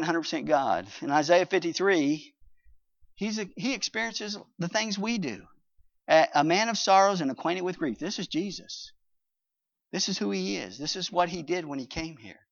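A man preaching a sermon with emphasis, swinging between loud passages and hushed ones and reading scripture aloud. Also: on the high side, expressive, normal speed. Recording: dull lo-fi recording.

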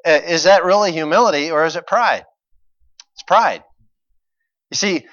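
A man preaching a sermon, moving between quiet, conversational asides and loud, emphatic points with mock voices. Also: on the high side, normal speed, pauses often, dry recording, muffled recording.

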